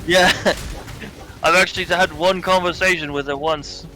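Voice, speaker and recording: A man's voice: fairly high pitch, normal speed, music in the background, poor audio. Joking man streaming a game. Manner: joking, animated, laughs often, slips into character voices. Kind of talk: casual gameplay chat.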